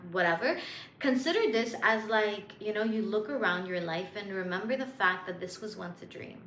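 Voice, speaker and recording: A woman's voice: medium pitch, pushed and bright, reverberant, a little hiss or hum. A woman coaching viewers on manifestation in a chatty, playful way, with lots of fillers and self-amused asides. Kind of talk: casual spiritual coaching monologue.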